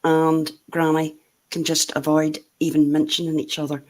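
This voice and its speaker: A woman's voice: low voice, normal speed. A woman from Northern Ireland with a Northern Irish accent, hosting a casual group chat and laughing often. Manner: laughs often, chatty and animated. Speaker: show host.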